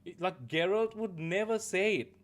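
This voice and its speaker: A man's voice: sits high, lively intonation, moderate pace. A man streaming, chatting casually and jokingly with his viewers and swearing a lot. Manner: laid-back, joking, swears a lot, talks to chat. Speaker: gaming streamer. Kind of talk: casual live-stream chat.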